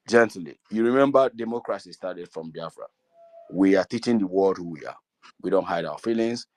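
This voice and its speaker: Speaking earnestly to an online meeting, this community speaker, a middle-aged Igbo man with a Nigerian accent, pleads with his listeners. He has a low voice, and the recording is dry.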